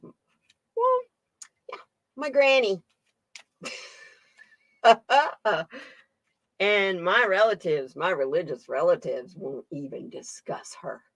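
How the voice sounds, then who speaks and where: A woman's voice: on the low side, fairly bright tone, no room sound. A woman hosting a casual live-stream tarot reading, chatting with her viewers, laughing often and reading their comments aloud. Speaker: tarot reader and channel host.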